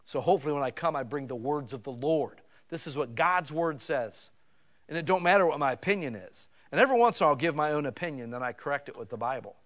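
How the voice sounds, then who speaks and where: A male pastor preaching a sermon in a folksy, conversational way, building to loud emphasis on scripture. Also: fairly high pitch, expressive, fast talker.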